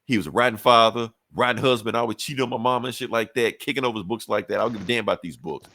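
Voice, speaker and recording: A man's voice: medium pitch, rapid-fire, bright, forceful tone. A man voicing a resentful grown son who grumbles and cusses, in a casual retelling.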